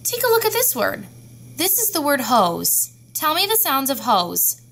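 A woman with a fairly high voice leads a classroom phonics lesson at an unhurried pace. She sounds out each letter patiently and clearly for young listeners. A faint hiss sits behind her voice. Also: wildly swooping pitch, fairly bright tone. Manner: slow, patient, sounding out words. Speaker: teacher.

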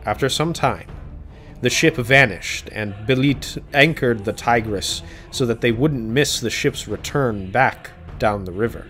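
A man reviewing a book, retelling its plot in a plain, steady scripted narration. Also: mid-range voice, unhurried. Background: soft background music.

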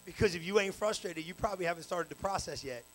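A male pastor preaching a live evening sermon in church on a handheld mic, animated and colloquial with call-and-response. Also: high-pitched, fast, slight background noise, low-quality recording. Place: church sanctuary, live service. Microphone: handheld microphone.

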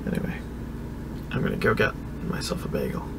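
A man vlogging from inside a car, talking casually in a dry, self-mocking, offhand way. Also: very noisy. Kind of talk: casual vlog talk. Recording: music playing behind the voice. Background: music playing in the car.

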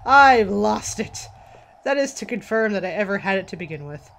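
A woman's voice: mid-range voice, animated, fast, a little hiss or hum. A woman commentating a horror game as she plays, a little tired, jumpy and swearing as she jokes to herself. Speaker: let's play gamer.

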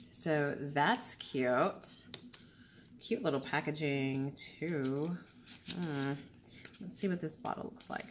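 In a relaxed unboxing chat, a tired beauty vlogger with a low voice talks on and on, frequently restarting sentences and filling gaps with ums. She sounds drained from a long stretch without sleep. There is a little background hiss or hum.

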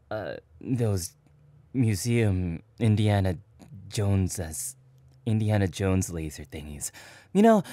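A man's voice: fairly low pitch, dark tone, no room sound. A man voicing a playful young boyfriend who rambles in a goofy, scatterbrained way and is out of breath, in a whispered role-play.

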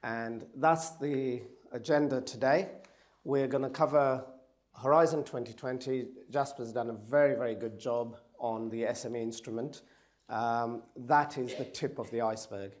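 A man with a croaky, hoarse voice from a cold, giving a conference presentation and joking with the audience. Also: medium pitch, fairly even intonation, normal speed, darkish tone. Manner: jokey, talks to the audience directly. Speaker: event speaker.

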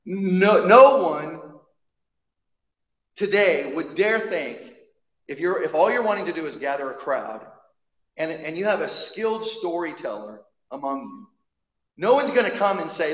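Emphatic preacher in an echoey hall. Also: male voice, fairly high pitch, very animated, measured pace, a bit bright. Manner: emphatic, frequent repetitions and restarts. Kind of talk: sermon. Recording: echoey hall, dull sound.

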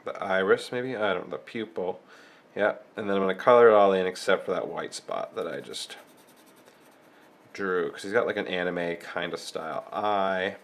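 A man's voice: deep voice, normal speed. A man with a cold who hosts a drawing tutorial, talking through each stroke step by step and thinking aloud as he draws. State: has a cold.

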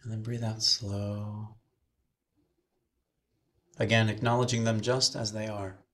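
A man minister leading a slow, soothing guided meditation with breathing cues, then speaking to a chapel congregation. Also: lowish voice, little pitch movement, fairly bright tone.

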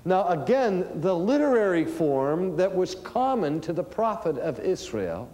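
Slow, mellow-voiced preacher in a hall. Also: male voice, high voice, very animated. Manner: slow deliberate preaching with rising emphasis. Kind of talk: sermon. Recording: long hall reverb.

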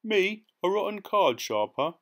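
A man's voice: mid-range voice, normal speed, natural voice. A man voicing a boastful, cheeky male London pickpocket in an audiobook. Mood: scornful boasting. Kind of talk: audiobook character voice.

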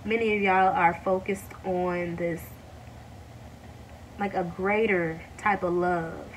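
A woman giving a casual tarot reading to her viewers, talking warmly to them as y'all and breaking into excited exclamations. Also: fairly low pitch, recorded from a distance, slight background noise, poor audio. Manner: excited, animated bursts with drawn-out exclamations; addresses viewers as y'all, many fillers. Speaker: tarot reader.

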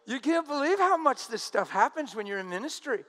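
A male preacher with a high voice delivers a sermon in an animated way. He stretches out the words he quotes, slowing right down to press each phrase home. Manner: animated, drawn-out emphatic quotes.

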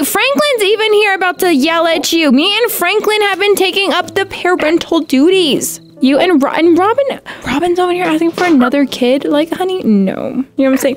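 A woman giving casual, sassy commentary while playing a game, scolding the in-game birds and squealing when excited. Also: high-pitched. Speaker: gaming YouTuber.

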